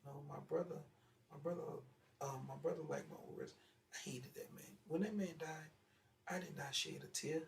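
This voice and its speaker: Gravelly man telling a story from afar. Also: on the high side, brisk, a little hiss or hum. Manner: animated storytelling, loud and rising when retelling anger. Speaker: interview guest. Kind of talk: casual storytelling interview. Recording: echoey room, far from mic, faint ambience.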